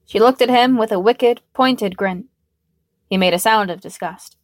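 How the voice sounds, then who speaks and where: A woman reading a story aloud in calm, even narration. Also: medium pitch, normal speed, dry recording, clean studio sound.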